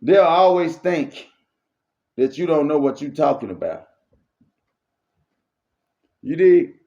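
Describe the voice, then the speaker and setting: Speaking slowly, the man has a fairly high, animated voice with vocal fry and a slightly mellow quality. As a motivational speaker, he delivers a repetitive, preachy faith-based monologue full of street slang, recorded in muffled lo-fi sound.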